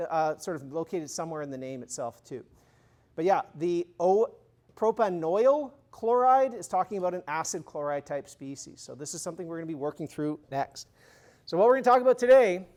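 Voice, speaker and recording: A man's voice: high voice, a little mellow. Guy lecturing a chem class, chatty, keeps asking the room questions and tossing in jokes. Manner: conversational, quizzes the class with review questions; informal asides and humor. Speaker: university chemistry lecturer. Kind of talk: university lecture.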